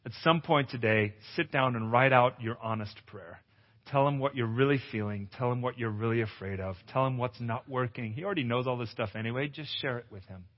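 A male pastor giving a testimonial sermon at a conference, an animated storyteller who acts out dialogue and exclaims loudly. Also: mid-range voice. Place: conference hall. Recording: echoey hall, dull lo-fi sound.

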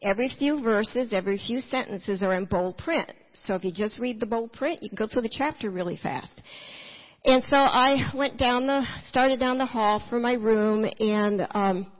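A woman's voice: fairly high pitch, moderate pace. A woman giving a personal testimony in church, telling her story with humor and acting out the dialogue. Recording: dull, echoey church hall recording.

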